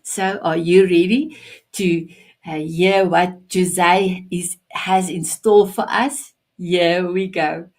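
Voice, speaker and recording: A woman's voice: on the low side, steady tone, slow pace, darkish tone. A woman hosting a live online talk show, effusive and rambling, just recovering from food poisoning. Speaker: show host.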